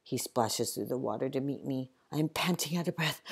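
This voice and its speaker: A woman reading a first-person storybook in a measured voice that sinks quietly at grim moments. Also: rumbling low, vocal fry, slightly rough. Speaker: audiobook reader.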